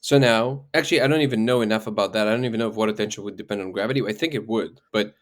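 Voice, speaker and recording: Racing along in a voice on the low side, a man interviewed as a guest researcher explains his ideas casually. He thinks out loud, keeps restarting his sentences and frequently asks "right?".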